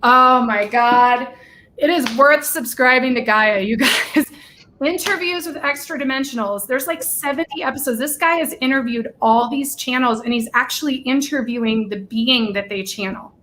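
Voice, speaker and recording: A woman hosting a casual live-stream chat, bubbly and gushing, running off on quick tangents. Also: sits high, fairly bright tone, slight background noise.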